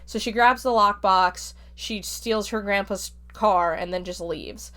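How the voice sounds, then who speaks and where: A woman hosting a podcast walks through a book's plot in a relaxed, rambling way and leans on fillers as she goes. Her voice sits in an ordinary middle pitch for a woman. She sounds like she is chatting rather than reading from a script. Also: a little slow. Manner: chatty, filler-heavy retelling. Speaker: podcast host reviewing a book. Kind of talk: casual spoken plot summary.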